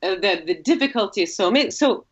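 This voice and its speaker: A Russian-accented woman speaking English as a second language in a relaxed talk. She explains in a roundabout, conversational way, full of fillers and restarts. The recording is slightly muffled and dull. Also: mid-range voice, brisk. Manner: explanatory, with frequent fillers and self-corrections. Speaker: guest, opera singer. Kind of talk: casual conversation.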